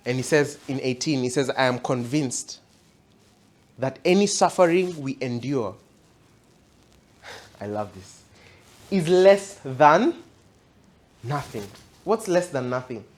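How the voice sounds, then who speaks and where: A man's voice: mid-range voice, animated, measured pace, pauses often. Emphatic man preaching a sermon. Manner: emphatic, repeats questions to the audience. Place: church event hall.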